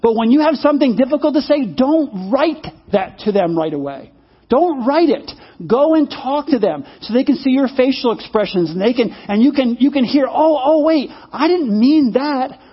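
Pastor, male, very high and husky, chatty sermon delivery that repeats words, muffled lo-fi recording. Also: expressive, normal speed. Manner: conversational, repeats words, asks the audience questions. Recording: dull lo-fi sermon audio.

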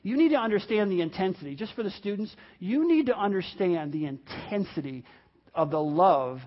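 A man's voice: sits high, expressive, moderate pace, dull audio. A man preaching a sermon in a conversational way, repeating words and acting out the people he quotes. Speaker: pastor.

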